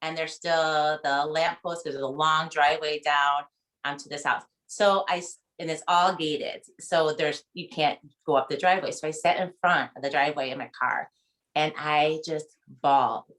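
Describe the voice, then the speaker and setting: A woman in her forties talks on a video call, her voice sitting a little low for a woman. She rambles and restarts, often getting choked up as she shares a personal memory with her book club. The tone is casual and heartfelt. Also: steady tone, normal speed, fairly bright tone. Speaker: book club member leading discussion.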